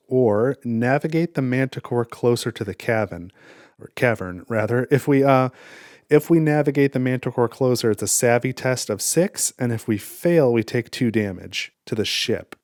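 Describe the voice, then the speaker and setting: A man's voice: mid-range voice, darkish tone, no room sound, clean studio sound. A man casually talking through a solo board game, thinking aloud and counting his cards. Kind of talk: casual playthrough commentary.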